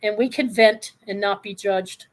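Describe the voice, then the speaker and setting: A woman's voice: mid-range voice, steady tone, measured pace. A woman in her sixties speaking bluntly and passionately in a candid live discussion. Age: 60s. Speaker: panel guest.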